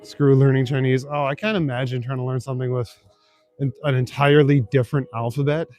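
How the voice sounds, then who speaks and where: A man's voice: medium pitch, fairly quick, dry recording, faint music behind. A young man from Northern Ontario chatting casually with his live stream viewers while he walks city back streets at night. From Northern Ontario, Canada. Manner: relaxed, swears casually, reads and answers chat.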